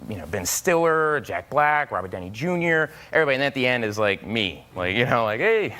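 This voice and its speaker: A man's voice: medium pitch, expressive, brisk, background noise. Rambling, laughing man telling a story. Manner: rambling, full of fillers and laughter. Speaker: comedian guest. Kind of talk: anecdote on a talk show.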